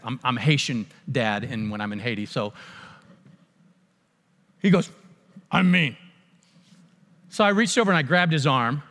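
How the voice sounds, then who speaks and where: A man preaching a sermon, telling a mission story with animated, acted-out dialogue and frequent restarts. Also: a little high, big-room sound. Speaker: pastor.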